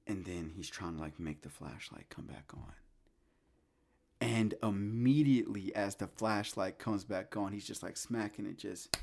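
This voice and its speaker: A man hosting a solo podcast, telling horror film scenes in an animated, profane way, swinging from hushed storytelling to loud incredulous rants. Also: lowish voice, measured pace, vocal fry. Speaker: podcast host. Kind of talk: casual solo talk about horror films.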